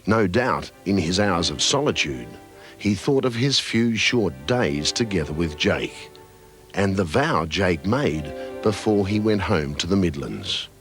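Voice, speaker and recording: A male narrator reads a documentary script in a measured, solemn way. His voice is very deep and unhurried, with wide rises and falls in pitch, and music runs clearly underneath. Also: animated. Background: background music.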